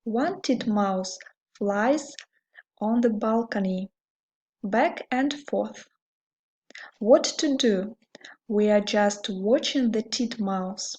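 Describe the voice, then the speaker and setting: A woman teaching English with a Russian accent, speaking slowly and carefully and repeating words for learners. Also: mid-range voice, mellow, rough recording. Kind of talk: slow English lesson for learners.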